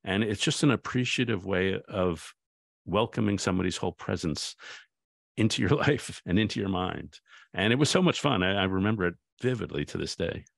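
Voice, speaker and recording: A man's voice: sits low, lively intonation, fairly quick, creaky, no echo, studio quality. A man, a guest author, in a reflective conversation, thoughtful and anecdotal, often restarting his sentences.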